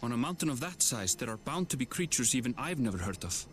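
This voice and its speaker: Game companion: a man playing a measured, seasoned adventurer. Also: mid-range voice, very animated, soft background music, lightly acted. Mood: calm. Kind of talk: video game voice acting.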